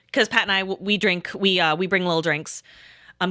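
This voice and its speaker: A woman in her thirties telling a rambling, animated story in casual chat, swearing often and acting out what people said. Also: fairly low pitch, a little fast, dry recording, studio quality. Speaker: storyteller recounting a game night.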